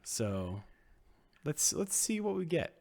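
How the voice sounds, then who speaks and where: A man running a tabletop game as game master, animated and laughing often while he rules on the players' rolls. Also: a little high, slow pace, gravelly. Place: home streaming setup.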